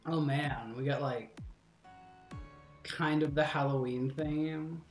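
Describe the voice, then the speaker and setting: A man's voice: a little high, steady tone, slow, faint music behind. Man, game streamer, casual rambling commentary, jokey and profane, roomy sound. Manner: rambling, joking, swearing. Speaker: streamer playing horror games.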